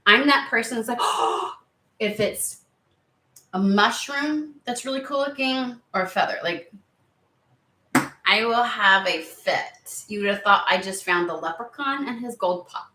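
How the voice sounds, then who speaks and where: A woman chatting excitedly and rambling on tangents during a spiritual card reading video. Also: a little high, measured pace. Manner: excitable, rambling, lots of exclamations. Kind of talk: casual chatty reading vlog. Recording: roomy echo.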